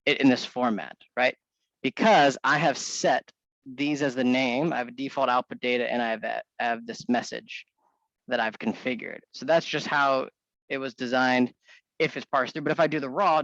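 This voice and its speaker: A man walking through a software demo in a casual, think-aloud manner with frequent restarts. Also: mid-range voice, creaky, dry recording, lo-fi sound. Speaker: software developer demonstrating. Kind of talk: screen-share walkthrough.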